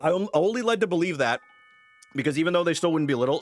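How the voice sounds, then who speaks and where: A man's voice: a little high, sing-song, quick pace, pauses often, soft background music. A young man chatting casually on a live stream, greeting viewers and rambling with fillers.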